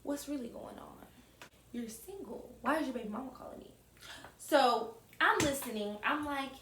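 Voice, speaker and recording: A young woman telling a casual storytime to her viewers, animated and often calling out to them. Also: sits high, normal speed, slight background noise. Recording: roomy echo.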